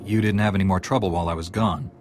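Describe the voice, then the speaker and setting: A man voicing a calm, measured Jedi Knight in a game cutscene. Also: deep voice. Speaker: player character, a Jedi Knight. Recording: game audio with loud music behind.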